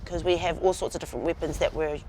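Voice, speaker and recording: Low-pitched and darkish, with fairly even intonation, this rugby player talks fast during a relaxed interview. She's in her thirties, speaks with a New Zealand accent, comes across as proud, and laughs readily over faint background noise.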